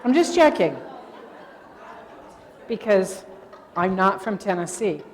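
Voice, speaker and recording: A woman from Indiana teaches grammar to a convention crowd, tossing out questions and answering them herself. Her voice sits at a middle pitch for a woman. A long reverb trails her words through the large hall. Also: very animated. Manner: quizzing the audience with quick questions and answers. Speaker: grammar instructor at a court reporters' convention. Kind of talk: interactive classroom lecture. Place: convention meeting room.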